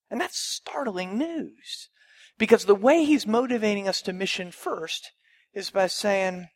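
A man's voice: sits high, measured pace. A male pastor preaching a sermon, emphatic, with rhetorical questions and repeated phrases.

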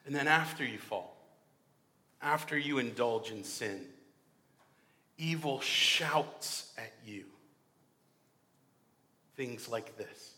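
A young man preaching a sermon with passion, moving between hushed and loud. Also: mid-range voice, slow, long pauses. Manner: impassioned, swinging from hushed to loud. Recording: long hall reverb.

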